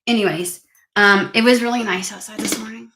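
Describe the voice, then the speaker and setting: A woman's voice: mid-range voice, fairly even intonation, brisk, sharp tone, reverberant, slight background noise. A woman hosting a casual tarot reading vlog, chatty and rambling, with allergies. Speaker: tarot reader.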